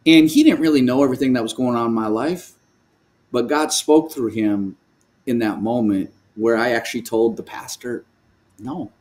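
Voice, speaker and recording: A man's voice: medium pitch, normal speed. Storytelling man on a video call. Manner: lively storytelling with frequent laughs and restarts. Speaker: guest, worship leader. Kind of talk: remote video call interview. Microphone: video call microphone.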